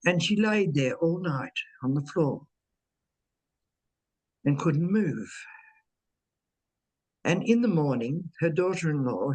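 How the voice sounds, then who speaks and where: Slow, husky woman storyteller. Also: low voice, darkish tone. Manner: hesitant, with fillers and repeated words; unhurried, dwelling on details. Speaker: medium telling her own ghost stories.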